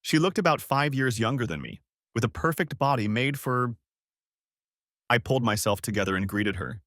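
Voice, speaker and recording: A man reading a first-person story in a measured, expressive way. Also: mid-range voice, no room sound, clean studio sound. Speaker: narrator.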